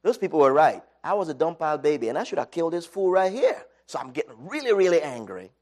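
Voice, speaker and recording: A middle-aged man giving an inspirational talk, telling a personal story with dramatic swings from loud to quiet. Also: a little high, big pitch swings, quick pace. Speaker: speaker.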